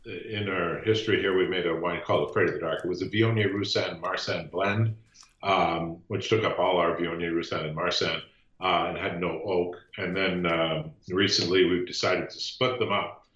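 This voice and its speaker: A man who makes wine, a guest in a radio interview, talking in a relaxed, hesitant way and plainly fond of his wines. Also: low voice, normal speed, roomy sound, highs cut off. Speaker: winemaker.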